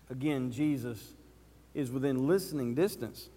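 High-voiced male preacher in a reverberant hall. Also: expressive, moderate pace, a bit bright. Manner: dramatic retelling, acting out scenes. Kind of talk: sermon.

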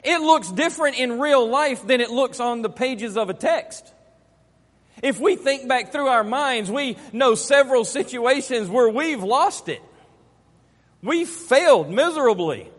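A middle-aged man delivers a sermon as a pastor, his voice sitting noticeably high. He speaks earnestly, circles back to repeat his questions, and climbs to forceful emphasis. The sound carries the long reverb of a church hall. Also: animated, unhurried. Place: church sanctuary.

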